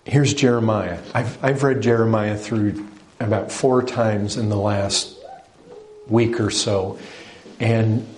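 A man's voice: lowish voice, slow pace, a little mellow, a little hiss or hum. A man preaching a sermon, speaking with emphasis and putting direct questions to his listeners. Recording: echoey room.

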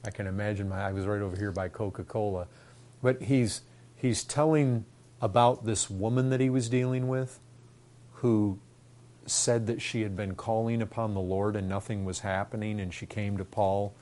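A man's voice: fairly low pitch, steady tone, normal speed, a little mellow. A man preaching a sermon, earnest and repetitive, building to fervent emphasis.

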